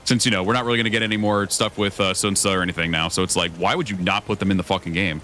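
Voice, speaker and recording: A man's voice: deep voice, fairly even intonation, rapid-fire, sharp tone, soft background music. A young man streaming a video game, chatting casually with his viewers, swearing often and rambling between thoughts. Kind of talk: casual gameplay commentary.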